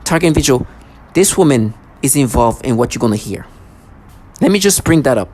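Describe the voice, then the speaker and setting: Agitated sarcastic vlogger with lively pitch. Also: a little fast. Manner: sarcastic, stammering restarts, accusatory. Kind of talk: agitated ranting monologue to camera.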